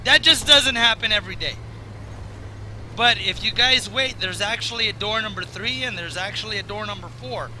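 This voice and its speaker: A man with a raw, strained voice giving rambling, excitable commentary over a video game he is playing. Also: high voice, normal speed, slight background noise, poor audio. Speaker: gaming commentator. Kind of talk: casual gameplay commentary.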